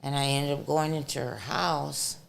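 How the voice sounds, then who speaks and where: A middle-aged woman, a podcast guest, telling a dramatic story in a casual, animated way. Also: low-pitched, normal speed, creaky.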